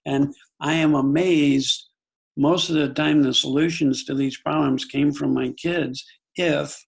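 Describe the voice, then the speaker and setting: A man's voice: fairly high pitch, fairly even intonation, unhurried, creaky, husky. An older man, a psychologist guest on an interview show, telling family stories in a thoughtful, conversational way with frequent restarts. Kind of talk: reflective conversational storytelling.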